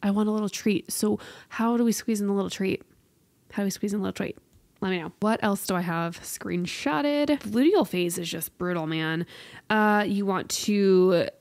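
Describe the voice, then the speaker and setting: A young adult woman hosting a casual solo podcast, chatty and expressive, with jokey exasperated asides. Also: lowish voice, no room sound. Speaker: podcast host.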